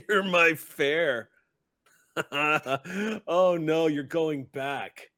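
A man's voice: on the high side, very slow, pushed and bright, no room sound, clean studio sound, voice pushed up, full character voice. Crude chummy redcap cab driver guy, swears a lot, grinning, a man doing the voice.

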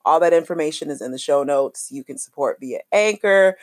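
A woman hosting her own podcast, speaking. Her voice sits a little low, and she talks in a loose, warm-hearted, slangy way, full of shout-outs to her listeners. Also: normal speed, hardly any pauses, no echo, clean studio sound. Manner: lively, chatty, affectionate, uses slang. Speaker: podcast host. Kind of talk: casual podcast outro.

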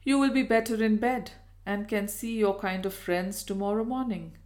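A woman reading the lines of a kind, coaxing colonel who gently fusses over his tired wife. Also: mid-range voice, normal speed, close to an everyday voice. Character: kind coaxing middle-aged husband, a colonel.

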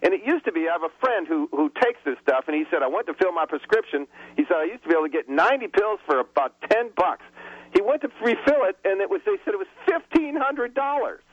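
Male radio caller, fairly high voice, lively and indignant, muffled phone line. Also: fast, a little hiss or hum. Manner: animated, indignant ranting. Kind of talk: phone-in chat. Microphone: telephone.

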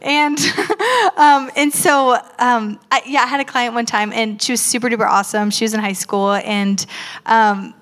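A woman's voice: a little high, a little slow, a bit bright. A woman who mentors people spiritually, talking in a bubbly, chatty way with many fillers. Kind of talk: casual chat.

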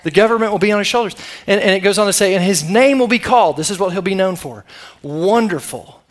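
Middle-aged pastor guy preaching, fairly high voice, chatty, gets the crowd to answer. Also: animated, fast talker. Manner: conversational, calls on the congregation for responses. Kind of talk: sermon.

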